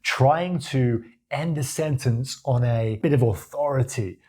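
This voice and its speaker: A man from Australia with a deep voice, coaching viewers on confident speaking in a demonstrative, animated way. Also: a little slow. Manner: demonstrative, animated, acts out examples with his voice. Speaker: communication coach. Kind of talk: talking-head tutorial to camera.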